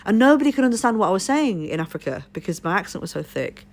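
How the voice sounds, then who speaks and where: A woman's voice: medium pitch, sing-song, fast talker. A woman from Leeds, England with a posh English accent, chatting on a live stream and telling rambling stories full of swearing. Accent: posh southern English. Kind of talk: casual chat.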